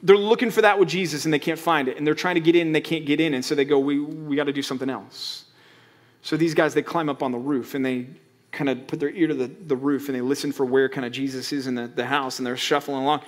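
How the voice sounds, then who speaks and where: A man preaching a sermon as pastor, reading scripture slowly and swinging between loud emphatic lines and quiet asides. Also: fairly high pitch, steady tone. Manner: reads scripture slowly, stretching key words.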